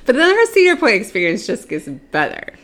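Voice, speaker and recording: A woman's voice: a little high, huge pitch swings, brisk, a bit bright. A woman co-hosting a casual chat, setting the scene for a shared story. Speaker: podcast co-host.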